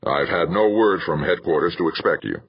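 A man voicing a stern middle-aged space commander with a gravelly voice. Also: low-pitched, fairly quick, highs cut off, exaggerated voice. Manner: stern, flat.

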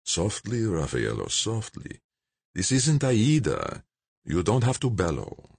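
Hushed old mob boss with a husky voice, unhurried and low, a man doing the voice, dry close sound. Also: huge pitch swings, dry recording, exaggerated voice. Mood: calm, soothing. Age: older. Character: old crime boss, frail, calm, soft-spoken.

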